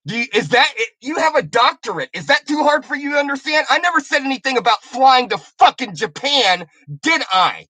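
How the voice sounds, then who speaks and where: Give me a woman, ranting furiously on her channel in a profane, taunting way, with a lively, swinging pitch and a bright, tense voice. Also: fairly quick, hardly any pauses, slightly rough, no echo. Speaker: YouTuber. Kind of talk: angry video rant.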